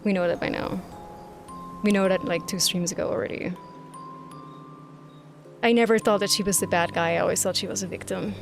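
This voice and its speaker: A woman's voice: medium pitch, steady tone, brisk, gravelly, long pauses. A woman streamer reacting live to a game, ranting emphatically and swearing freely. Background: quiet game music.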